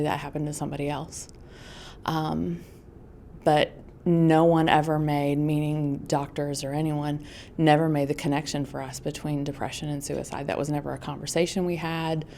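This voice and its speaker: Brief: middle-aged woman, low gravelly voice, halting and reflective testimony, faint hiss behind. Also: warm tone. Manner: halting, reflective, many ums and restarts. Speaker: mother sharing a testimonial. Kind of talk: personal testimonial.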